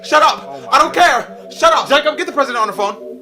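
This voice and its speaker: A man playing an angry, whiny customer who is demanding a refund and escalating to shouting in a comedy sketch clip. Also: extremely high pitch, expressive, quick pace, voice pushed up, heavily acted. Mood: furious.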